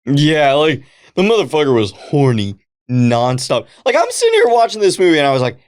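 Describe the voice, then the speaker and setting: Podcast co-host, casual chat, profane, jokey, mid pitch. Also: huge pitch swings, fairly quick, noisy background. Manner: profane, jokey, acts out reactions.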